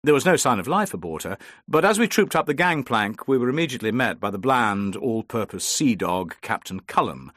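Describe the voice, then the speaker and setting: A man reading a first-person adventure audiobook in a measured storytelling manner. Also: medium pitch, sing-song, a bit bright, no echo, studio quality. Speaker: audiobook narrator.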